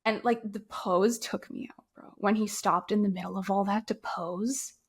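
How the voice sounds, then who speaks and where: A woman co-hosting a casual podcast chat, talking in a wry, mocking and expressive way. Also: medium pitch, moderate pace, breathy edge. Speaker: podcast co-host.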